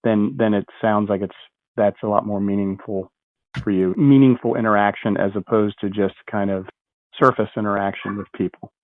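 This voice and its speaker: A man's voice: fairly low pitch, fairly even intonation, normal speed, no echo. A man hosting a podcast, casually summarizing his guest's points and asking questions. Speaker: podcast host. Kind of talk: interviewing, casual chat. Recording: dry, tinny phone-like line.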